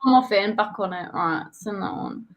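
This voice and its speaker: A woman's voice: mid-range voice, fairly quick, highs cut off. A woman co-hosting a football fan show, chatting casually and giggling as she shares her screen on a video call. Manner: giggly, chatty, talks through screen-sharing. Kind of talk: casual chat.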